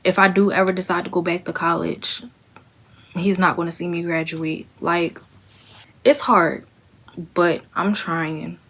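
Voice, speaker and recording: A young woman talks straight to her viewers in a low, gravelly voice, holding back tears as she grieves. Her delivery is halting and emotional, and she stays fairly flat in pitch. It is plain, unpolished speech, with restarts where the feeling catches her. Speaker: vlogger. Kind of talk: candid talk to camera.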